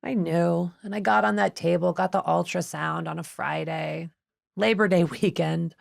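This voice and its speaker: A woman with a lowish, creaky voice speaks at a moderate pace as a podcast guest in a studio. She tells a personal story expressively and with feeling, acting out the voices of the people in it. The sound is studio quality, with no room sound.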